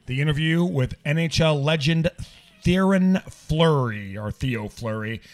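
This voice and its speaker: A man's voice: a little high, a little slow. A man hosting a casual podcast, talking loosely and joking, with some swearing. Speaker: podcast host.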